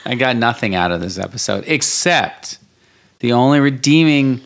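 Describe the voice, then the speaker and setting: A man's voice: mid-range voice, lively intonation, moderate pace. A man co-hosting a podcast, speaking in a laid-back, hesitant way and often restarting his sentences. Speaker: podcast co-host. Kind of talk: casual chat.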